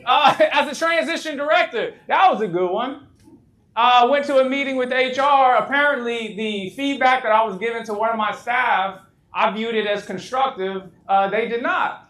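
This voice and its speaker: A man with a fairly high voice giving a live motivational workshop. He tells stories with plenty of humor, laughs along with himself and asks the crowd questions. His voice rings around an echoey room. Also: moderate pace. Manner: lively storyteller who laughs often at his own jokes. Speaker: motivational speaker.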